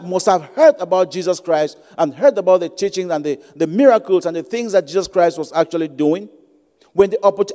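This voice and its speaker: A man's voice: high-pitched, warm tone. A man preaching a sermon as guest preacher, repeating key phrases for emphasis. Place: church sanctuary. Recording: long church reverb.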